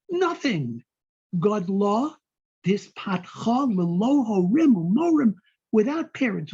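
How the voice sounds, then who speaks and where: A man's voice: extremely high pitch, a little mellow, breathy edge. A man teaching a text-study class, reading Hebrew phrases aloud and then translating each one into plain English. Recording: dull lo-fi recording.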